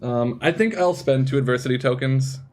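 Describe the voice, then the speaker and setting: A man playing a tabletop game, describing his character's actions in a relaxed, filler-heavy way. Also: medium pitch, brisk. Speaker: player.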